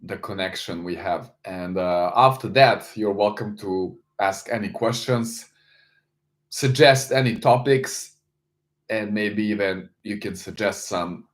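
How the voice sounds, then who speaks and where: A man with a somewhat low voice hosts a casual live stream. He greets viewers and answers the chat in a loose, chatty way. His sentences often stop and start again. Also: takes it slowly. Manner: loose and searching, with frequent restarts.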